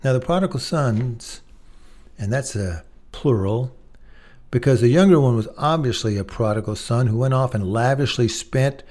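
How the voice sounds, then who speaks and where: A man's voice: mid-range voice, darkish tone. A man preaching a sermon, earnest and emphatic, speaking directly to his listeners as friends.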